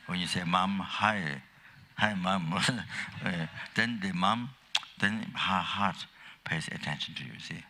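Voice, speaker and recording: Older buddhist teacher guy, really deep husky voice, slow rambling dharma talk, keeps coughing, lots of uh and you see. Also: pushed and bright. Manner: halting, rambling, many fillers and restarts. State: coughing often.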